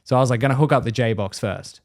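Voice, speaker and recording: A young man on a podcast, talking at an ordinary middle pitch in a loose, chatty way. He swears a lot and tells his story with energy. He often slips into the voices of the people he is telling about. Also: fast talker, no room sound, clean studio sound. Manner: swears freely, animated storyteller who mimics others. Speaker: podcast host. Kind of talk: casual storytelling chat.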